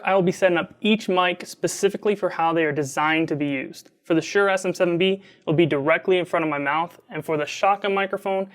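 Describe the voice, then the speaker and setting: A man's voice: high voice, fairly bright tone. A man giving a casual tech review, explaining his setup in an upbeat way.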